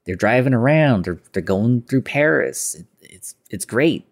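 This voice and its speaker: This man's gravelly mid-range voice has lively intonation and an unhurried pace. As a podcast host, he gives a loose, casual recap of a classic film, leaning on filler words and quoted dialogue.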